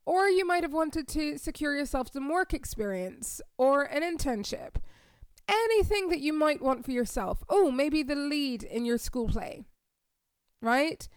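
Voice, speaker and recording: Upbeat high-voiced woman podcasting. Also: expressive, measured pace, no room sound, clean studio sound. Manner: upbeat, encouraging, often asks "right?". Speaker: podcast host and careers coach. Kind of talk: solo podcast talk.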